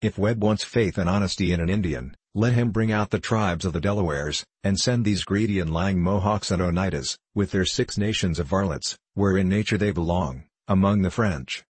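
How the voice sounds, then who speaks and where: A man's voice: low voice, moderate pace, slightly rough, no echo. A man reading as a stubborn old frontier scout. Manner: plain-spoken, old-fashioned backwoods talk. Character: gruff veteran frontier scout, blunt and stubborn.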